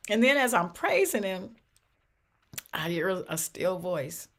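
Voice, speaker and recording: An older woman with a somewhat low voice shares a personal testimony of faith in an interview. She speaks earnestly and repeats herself as she goes. Her voice rises and sinks with feeling. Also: big pitch swings, measured pace, pauses often, fairly bright tone. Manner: earnest, repeats phrases, voice swells and drops with emotion. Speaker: interview guest.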